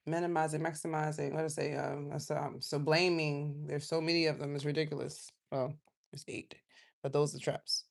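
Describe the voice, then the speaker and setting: A woman giving a casual live tarot reading, chatty and loose, drifting from quiet asides to loud outbursts. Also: sits low, vocal fry. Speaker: tarot reader.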